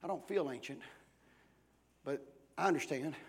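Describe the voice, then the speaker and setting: A pastor in his forties preaching a sermon, swinging between hushed talk and shouting, with many "uh" fillers between phrases. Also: a little high, moderate pace, slightly rough. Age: 40s.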